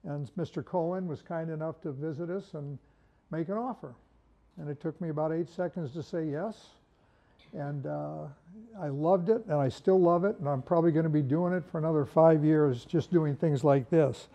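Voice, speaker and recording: Older man with gravelly, folksy delivery. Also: fairly high pitch, normal speed, warm tone, muffled recording. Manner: folksy, rambling storyteller with humor. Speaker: wool carpet industry veteran giving product talk. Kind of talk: informal product presentation.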